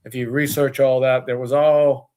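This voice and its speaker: A man's voice: medium pitch, level tone, normal speed, darkish tone, clean tone. A man, the owner of a distillery, talking as a guest in a casual interview, rambling with many fillers and restarts.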